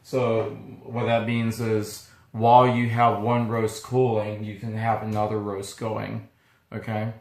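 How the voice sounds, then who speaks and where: A man who owns a small coffee roasting business, talking casually to camera in a halting, easygoing way, his voice not yet fully recovered. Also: fairly low pitch, completely flat delivery. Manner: halting and easygoing, pausing often. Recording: echoey room.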